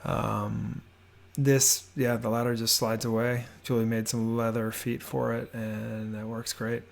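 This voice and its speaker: A man giving a relaxed, rambling voiceover house tour from his home office, with many fillers and restarts. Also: medium pitch, a little slow, creaky. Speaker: homebuilding vlogger.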